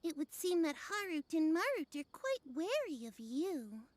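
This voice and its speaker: Grand mystical fortune teller lady, slow dramatic delivery, high voice, game dub. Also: sing-song, no room sound, full character voice. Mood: puzzled. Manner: archaic, dramatic, drawn-out.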